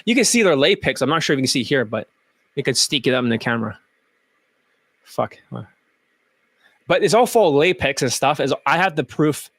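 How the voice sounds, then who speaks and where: A man's voice: a little high, very animated, fairly quick, long pauses, fairly bright tone, no room sound. A man who coaches dating, ranting in a profane, mocking way about other coaches. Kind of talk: ranting video commentary.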